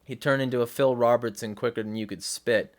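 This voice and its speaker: A man's voice: medium pitch, fairly even intonation, fairly quick. A man hosting a livestream, giving blunt, profane commentary and often restarting mid-sentence. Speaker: host.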